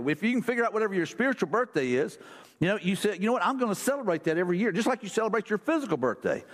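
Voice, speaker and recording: A man's voice: sits high, in a large hall. A man preaching a sermon as pastor in a casual, conversational way. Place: church sanctuary.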